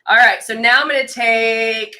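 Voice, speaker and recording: Woman, makeup consultant, live-stream demo, chatty, enthusiastic, bright tone, mid pitch. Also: expressive, measured pace. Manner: chatty and enthusiastic, reads out viewer comments.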